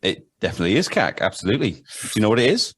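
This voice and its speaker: A man co-hosting a podcast, putting lyrics quiz questions to a guest in brisk, good-humoured chat. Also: lowish voice, sing-song, a bit bright, breathy edge. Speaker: podcast co-host running a quiz. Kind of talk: casual chat, reading out song lyrics.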